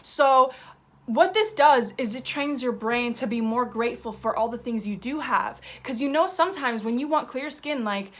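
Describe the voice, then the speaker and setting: A woman's voice: on the high side, moderate pace. A young woman talking straight to camera in a chatty, emphatic vlog style, slangy and swearing casually as she gives advice. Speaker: YouTuber.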